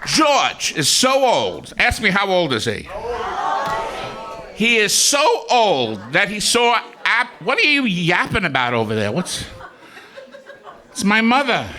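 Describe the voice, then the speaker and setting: A man doing a stand-up comedy set on a comedy club stage, telling self-mocking jokes and chuckling through his punchlines. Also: high voice.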